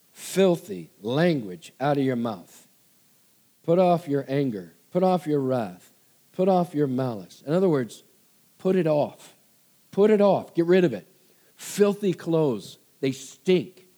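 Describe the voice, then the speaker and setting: A man's voice: on the high side, mellow. A male pastor preaching a sermon, emphatic, repeating commands and calling for amens.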